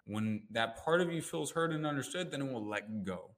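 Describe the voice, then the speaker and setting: Animated man coaching in conversation. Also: brisk, few pauses. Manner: animated, acts out quoted inner voices with jumps in pitch. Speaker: life coach and NLP practitioner. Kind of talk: casual conversational interview.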